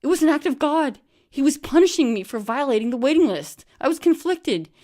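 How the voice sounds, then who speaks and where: A woman voicing a distraught, tearful woman who plays word games, pleading and high-strung. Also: expressive, fairly quick, dark tone. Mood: sobbing.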